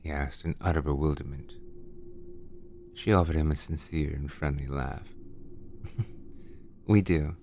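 Brief: low-voiced male storyteller, slow and deliberate, for a spooky podcast reading. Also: little pitch movement, darkish tone, a little hiss or hum. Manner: measured, deliberate, dramatic. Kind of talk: scripted horror story narration.

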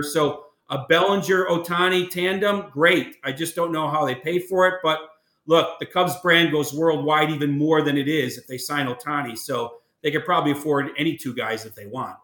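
A man weighs in on players and contracts with firm opinions, his voice bright and forward. He calls in from an echoey room that rings around him. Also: fairly high pitch, moderate pace. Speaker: guest baseball reporter. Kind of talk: remote interview, analysis.

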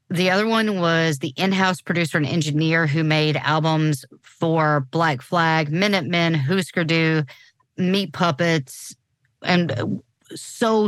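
A woman in her forties co-hosts a podcast, chatting casually and loosely, restarting her sentences often. Her voice sits low, and the recording has no echo.

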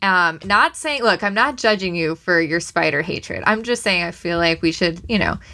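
A woman's voice: lowish voice, lively intonation, moderate pace, gravelly, pushed and bright. A woman hosting a casual podcast chat, chatty and rambling with plenty of fillers.

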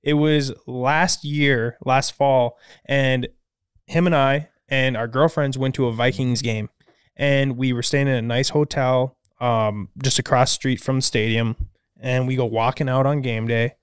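A man from Minnesota, co-hosting a podcast, telling a story in an animated, casual way and swearing freely. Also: medium pitch, a little slow, clean tone, no room sound, clean studio sound. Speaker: podcast co-host.

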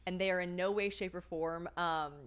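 A woman's voice: lowish voice, fairly even intonation, moderate pace, a bit bright, smooth. A young woman co-hosting a podcast in casual chat, rambling, swearing freely and laughing often. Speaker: podcast co-host.

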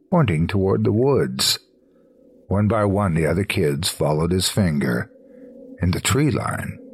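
A man narrating a scripted horror story in a slow, low, hushed storytelling manner. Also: gravelly, slight background noise.

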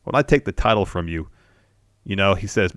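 A man with a low voice co-hosts a casual podcast. He recaps in a steady play-by-play way. The sound is dry and close. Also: brisk, no echo. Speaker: wrestling podcast co-host. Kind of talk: casual chat.

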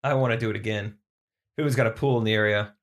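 A young man co-hosting a comedy podcast, throwing in playful, quick quips. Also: lowish voice, steady tone. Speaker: podcast co-host. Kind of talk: casual comedy podcast chat.

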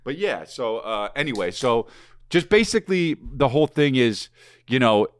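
A man in his forties co-hosting a podcast in casual chat, profane and animated, telling stories and slipping into put-on voices. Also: mid-range voice, moderate pace. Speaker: podcast co-host.

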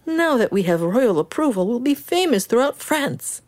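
Rich: A woman doing a strict old grandpa chocolatier who speaks proudly in a lively, declaring voice. It is a storybook figure read aloud for children. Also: fairly low pitch, moderate pace, voice pushed up.

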